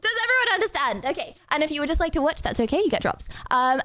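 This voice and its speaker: A young English woman streaming a game, chatting bubbly and fast with lots of fillers and giggles. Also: high-pitched, big pitch swings, a bit bright. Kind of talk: casual live-stream chatter.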